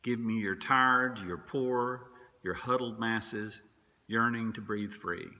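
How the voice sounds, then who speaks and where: A man who is a minister, preaching a sermon in a slow, measured way with long pauses. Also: fairly low pitch, pushed and bright. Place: church sanctuary.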